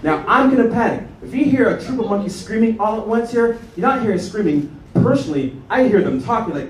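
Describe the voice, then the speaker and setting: A man from Canada performs a stand-up set on a comedy club stage, telling stories animatedly and acting out voices. He talks fast and high-pitched with few pauses, amid crowd noise and audience laughter. The recording is echoey, taken from a distance in the club room with noise.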